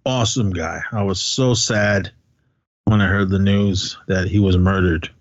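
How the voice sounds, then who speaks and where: A man's voice: deep voice, measured pace, dry recording. Profane ranting man on a podcast. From California. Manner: profane, ranting, animated storytelling. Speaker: podcast co-host. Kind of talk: casual podcast chat. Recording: dull, dry podcast recording.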